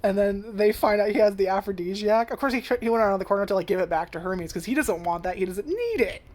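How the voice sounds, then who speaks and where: A woman's voice: medium pitch, quick pace, darkish tone. A woman in a mid-range voice rambles through an anime review in a loose, casual way. She leans on fillers and curses freely, slipping into character lines as she recaps. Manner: lots of "like" and restarts.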